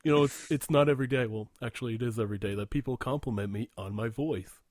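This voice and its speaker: A man's voice: medium pitch, fast, dry recording, clean studio sound. A man co-hosting a radio podcast, telling a story in casual chat with frequent laughs and swearing. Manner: laughing storyteller, swears often, puts on loud impressions. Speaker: podcast co-host.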